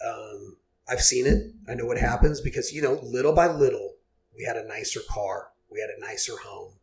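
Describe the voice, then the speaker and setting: Forties man, podcast guest, mid-pitched, heartfelt and earnest, full of you-knows. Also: moderate pace, a little mellow, slight background noise. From Oklahoma. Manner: earnest, heartfelt storytelling with many fillers. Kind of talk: casual podcast interview.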